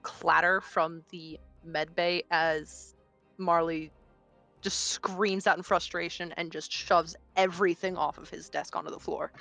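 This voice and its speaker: A woman playing a tabletop role-playing game, narrating her character's actions in a quiet, measured way. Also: lowish voice, little pitch movement, gravelly, faint music behind. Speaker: player.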